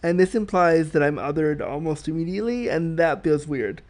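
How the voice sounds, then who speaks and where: A man's voice: a little high, normal speed, darkish tone. A man hosting a solo podcast, talking frankly and reflectively as he explains his thoughts at length. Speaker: podcast host.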